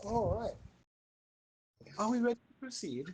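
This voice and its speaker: Slow grand medieval bachelorette, all courtly and formal, a guy doing the voice. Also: sits high, expressive, a little mellow, breathy edge, full character voice. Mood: stately. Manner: slow, stately, old-fashioned courtly speech. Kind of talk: improv comedy game.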